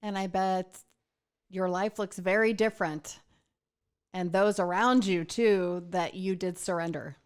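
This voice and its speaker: A woman's voice: lowish voice, steady tone, measured pace, clean tone. A woman hosting an interview, reflecting back on what her guest says in a thoughtful, affirming way. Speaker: host. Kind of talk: interview conversation.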